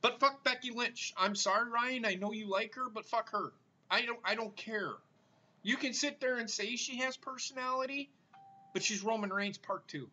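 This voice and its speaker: A man hosting a wrestling stream, ranting angrily with lots of swearing while trying not to yell. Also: high-pitched, moderate pace, lo-fi sound. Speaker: wrestling show host. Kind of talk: angry live stream rant.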